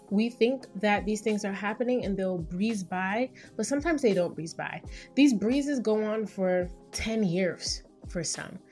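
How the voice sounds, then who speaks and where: A woman in her thirties hosts a podcast as a therapist and talks at a medium pitch. Her delivery is chatty and conversational, and she slips into quick voices for the people she quotes. Faint music plays underneath her. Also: a little mellow. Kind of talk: casual advice monologue.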